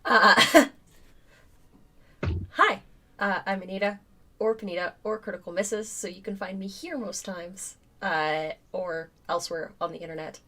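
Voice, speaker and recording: A woman's voice: mid-range voice, fairly even intonation, unhurried, bright, forceful tone. A woman hosting a live stream in casual chat, hungover, laid-back and laughing. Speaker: stream host.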